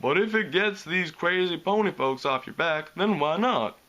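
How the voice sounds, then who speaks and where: A man doing a slow-drawling big country stallion. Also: on the high side, animated, fairly bright tone, muffled recording, voice pushed up. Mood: easygoing. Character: big easygoing country stallion, calm and sly.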